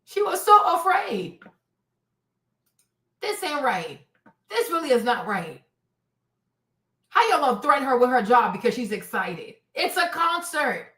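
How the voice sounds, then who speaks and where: Female commentary host, sharp and animated, calling out to her viewers in an echoey room. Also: high voice, a little slow, long pauses, far from the mic. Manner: animated, talks to viewers directly, bursts into excited shouts. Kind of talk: casual celebrity gossip commentary.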